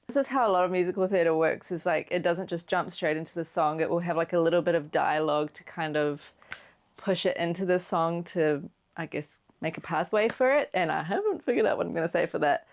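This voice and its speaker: A woman's voice: fairly low pitch, brisk. A woman with a New Zealand accent, a songwriter chatting casually in a vlog, peppered with "like". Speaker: songwriter vlogger.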